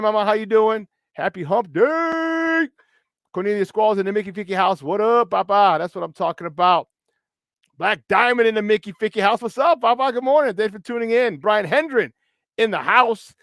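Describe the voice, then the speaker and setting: High-pitched, hyped sports host. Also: male voice, gravelly, no room sound, studio quality. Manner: hyped, playful, shouting out listeners. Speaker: sports talk radio host. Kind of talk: morning sports talk show. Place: studio.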